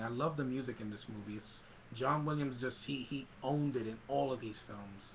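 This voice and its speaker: A man's voice: mid-range voice, moderate pace, few pauses, dull audio, a little hiss or hum. A man casually retelling a movie scene by scene, rambling with many fillers. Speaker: film recap vlogger.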